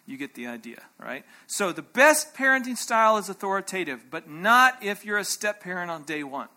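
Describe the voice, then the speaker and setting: A man's voice: sits high, lively intonation, normal speed, bright, forceful tone. A man teaching a conference breakout session in an emphatic way. He keeps checking in with his listeners and acts out short quoted voices. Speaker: workshop speaker.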